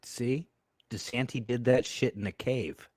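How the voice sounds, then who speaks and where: A man co-hosting a podcast, talking excitedly and profanely about a horror film with a friend. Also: mid-range voice, measured pace, no echo, studio quality. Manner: excitable, swears, bursts into shouts. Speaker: podcast co-host. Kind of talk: casual movie review chat.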